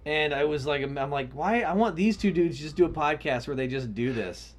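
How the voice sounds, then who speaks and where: A man co-hosting a podcast in casual, profane chat, bursting into loud mock bits. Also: a little high, fairly quick. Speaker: podcast co-host.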